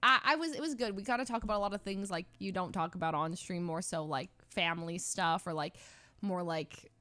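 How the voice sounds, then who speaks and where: A young woman streamer speaks a little fast in a lowish, bright, forceful voice with no room sound. Her casual storytelling rambles, restarts constantly, leans on "like," and breaks into laughter often.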